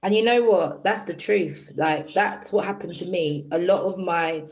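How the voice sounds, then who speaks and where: A woman's voice: lowish voice, moderate pace, darkish tone, low-quality recording. A woman hosting a group session, speaking candidly and addressing the group directly in casual talk. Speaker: workshop host.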